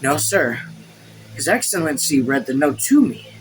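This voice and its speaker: A man's voice: fairly high pitch, sing-song, a little slow, background noise. A man reading the part of a lean, serious old manservant in a put-on British accent, answering curtly and dutifully. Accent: British bloke voice, put on. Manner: curt, dutiful replies. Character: elderly lean serious male servant.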